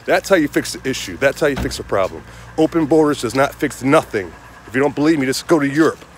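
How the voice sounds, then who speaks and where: A young man speaks fast, heated and rambling, often circling back to the same point. He is outdoors, with faint wind noise in the background. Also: medium pitch, expressive. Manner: heated, rambling, repeats himself, says "man" a lot. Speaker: show host. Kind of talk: outdoor political rant to viewers. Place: outdoors on a windy day.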